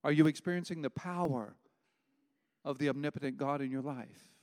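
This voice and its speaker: A man's voice: fairly high pitch, normal speed, darkish tone. A man in his sixties preaching a sermon, firing emphatic rhetorical questions and mixing in folksy personal stories. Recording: long reverb of a large hall.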